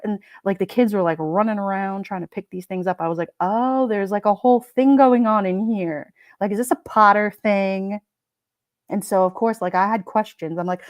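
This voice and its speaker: A woman's voice: medium pitch, normal speed, darkish tone, no echo, clean studio sound. A woman with a Brooklyn accent hosting a casual live stream, chatting, reading out viewer comments and laughing often. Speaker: livestream host.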